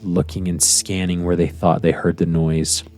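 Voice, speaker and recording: A man narrating a tabletop game as game master, rambling in a relaxed way. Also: deep voice, moderate pace, soft background music.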